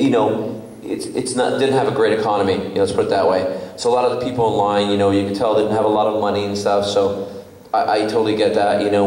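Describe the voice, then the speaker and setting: A man telling stories on a convention panel stage, animated and quick to laugh as he acts out the people in them. His voice carries from some distance in a big, booming hall, with a long echo trailing each phrase. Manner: chatty, laughs often, acts out quoted voices. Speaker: guest actor at a fan convention panel. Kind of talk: anecdotal storytelling to an audience. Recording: echoey convention hall, mic from far off.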